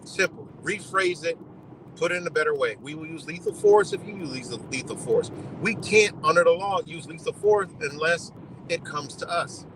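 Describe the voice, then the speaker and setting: A man's voice: a little high, animated, moderate pace, fairly bright tone, a little hiss or hum, rough recording. A man on a live stream giving blunt, profane commentary, lecturing his audience in a loose, heated rant.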